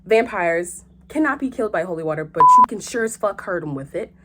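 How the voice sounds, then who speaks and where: A young woman hosting a vlog in casual chat, animated and joking, with frequent swearing. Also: medium pitch, fairly quick, noisy background. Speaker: host.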